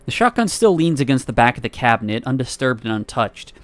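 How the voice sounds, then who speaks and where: A man reads a visual novel aloud on a stream, narrating with feeling and tossing in laughing side comments. His voice sits at an ordinary pitch and sounds close and dry. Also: brisk, few pauses, no room sound. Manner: expressive reading broken by laughs and asides.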